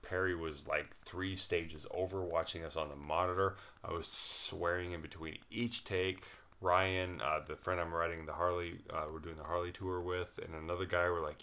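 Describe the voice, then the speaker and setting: A man's voice: low voice, steady tone, normal speed, bright, forceful tone. A man telling a rambling, laughing story in a casual chat, swearing freely.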